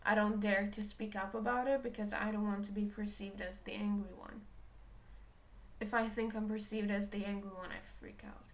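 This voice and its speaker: A spiritual reader talks candidly and emotionally about her own feelings, questioning herself as she reflects. Her voice is medium in pitch with vocal fry.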